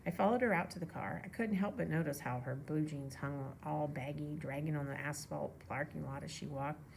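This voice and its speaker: A woman reading a children's novel aloud in a relaxed way, with casual asides to listeners. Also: deep voice, a little fast, creaky, slight background noise. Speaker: reader.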